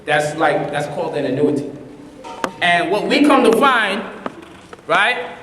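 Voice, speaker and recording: A man with a high voice teaches a seminar and keeps pulling the room into it with questions and laughter. He sounds far from the mic, and his voice rings through a large echoey hall with a long tail. A faint hiss sits under everything. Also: big pitch swings, a little slow, pushed and bright. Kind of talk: live seminar talk.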